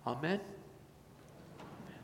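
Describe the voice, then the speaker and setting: A man preaching a sermon as a pastor, in an earnest, tender way. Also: slow pace. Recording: echoey church hall, faint noise.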